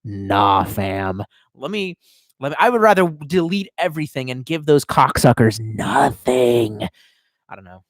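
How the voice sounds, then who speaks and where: A man's voice: medium pitch, big pitch swings, a little slow, dry recording, studio quality. A young man ranting casually to his live chat, profane and rambling. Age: young adult. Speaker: live streamer.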